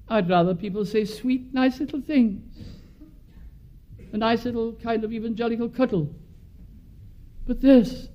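A man from Wales preaching a sermon earnestly, swelling from quiet musings to fervent prayer. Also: high voice. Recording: dull lo-fi recording.

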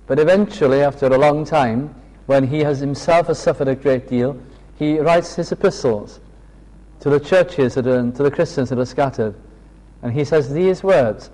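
A man gives a sermon in an earnest, unhurried storytelling manner and acts out the quoted dialogue. His voice sits at an everyday middle pitch. A long reverb trails each phrase, as in a large hall. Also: warm tone. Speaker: preacher.

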